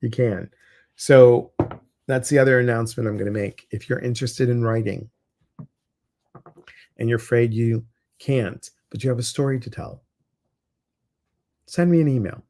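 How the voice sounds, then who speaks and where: A man with a Chicago accent hosting a casual livestream, upbeat and excitable as he talks straight to his viewers. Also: mid-range voice, moderate pace, pauses often. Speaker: livestream community host.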